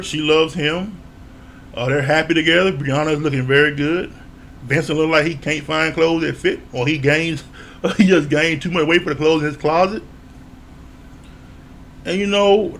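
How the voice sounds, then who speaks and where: A man with a slightly high voice, casually recapping a reality show episode. He tells it loosely, with slang, swearing and the occasional chuckle, drifting from one couple to the next. There is a faint hum of room noise behind him. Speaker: reality TV reviewer.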